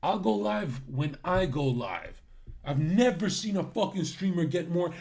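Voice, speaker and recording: A young man ranting crudely on a livestream, mocking his viewers and swinging between loud outbursts and muttered asides. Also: high voice, animated, unhurried, creaky.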